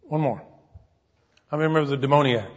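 A man's voice: on the high side, a little fast. A man preaching a sermon, telling a story with quoted voices and building to fervent exhortation. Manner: storytelling, quotes others in acted voices, preaches with rising fervor. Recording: dull lo-fi sound, long hall reverb.

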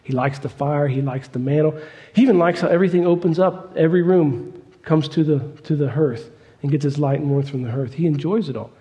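A man's voice: on the high side, brisk, dark tone, long reverb tail. A man preaching a storytelling sermon in a folksy, repetitive and emphatic way.

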